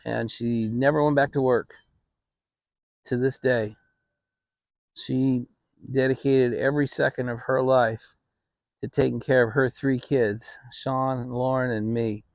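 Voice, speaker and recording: A middle-aged man hosting his own channel, telling a family story in a relaxed, rambling way with frequent restarts. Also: mid-range voice, measured pace, vocal fry, pauses often, no echo. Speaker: channel host. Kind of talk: casual storytelling. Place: home, relaxed fireside setting.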